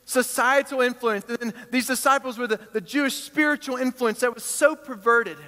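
Male pastor, high and bright voice, emphatic preaching in a church with a long hall echo. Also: normal speed. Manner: emphatic preaching, swinging between loud high bursts and low quiet stretches. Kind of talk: sermon.

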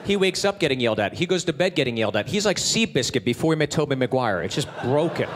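A middle-aged man doing stand-up comedy, telling animated stories and ranting in exasperation. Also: mid-range voice, fast, noisy background. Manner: animated storytelling, exasperated rants. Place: stage in a comedy venue. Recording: live stand-up set with audience laughter. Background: crowd laughing.

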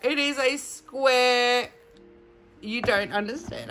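A woman's voice: a little high, slow, fairly bright tone, slight background noise. A woman chatting through a craft kit unboxing, gushing and emotional. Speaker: crafting vlogger. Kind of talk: casual unboxing chat.

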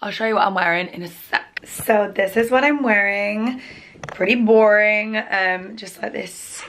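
A woman's voice: medium pitch, a little slow, fairly bright tone, a little hiss or hum. A young woman chatting candidly to camera in a home vlog, grumbling and sometimes dropping to a murmur. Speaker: vlogger. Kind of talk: casual vlog chat. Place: at home, bedroom.

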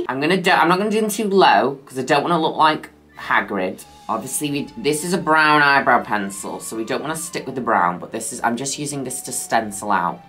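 Lively, bright-voiced woman vlogger. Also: normal speed, few pauses, soft background music. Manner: chatty, camp and playful, drops a flat low "people" at line ends. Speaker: makeup vlogger. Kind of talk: casual makeup tutorial chat.

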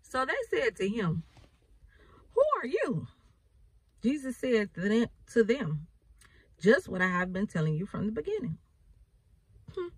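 A woman's voice: medium pitch, very animated, moderate pace, husky, no echo, low-quality recording. A woman preacher, reading scripture and explaining it with emphatic repetition. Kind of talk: bible reading and sermon.

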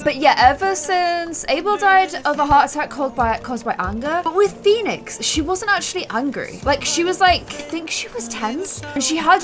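A bubbly young woman from the United Kingdom talks through her game in a lively, high voice that swings up and down as she goes. She thinks out loud, chatty and playful, with faint music under her. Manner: bubbly, chatty, thinks aloud with excited squeals. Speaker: gaming video host. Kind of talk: casual let's-play commentary.

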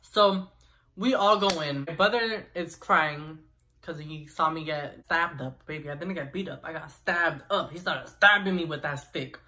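A young man vlogger telling a personal story in an animated, chatty way with asides to viewers. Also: a little high, measured pace. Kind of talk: storytime vlog.

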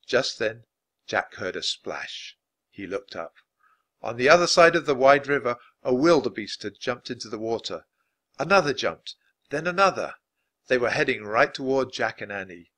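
A man reads a children's book aloud with a bright, clear tone. His delivery is lively and expressive, rising and falling widely and dropping low for plain narration. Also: normal speed. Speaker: storybook reader.

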